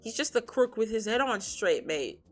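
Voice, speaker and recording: A woman's voice: a little high, big pitch swings, moderate pace, faint music behind. A young woman streamer reading a novel aloud on a sensitive desk mic, breaking off for chatty, laughing asides and casual swearing.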